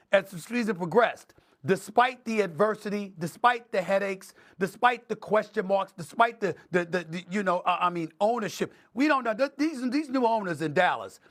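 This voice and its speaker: A middle-aged man with a high-pitched voice holds the floor as a sports debate host. He talks emphatically and piles up points one after another. He leans hard on key words. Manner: emphatic, animated, building lists for effect.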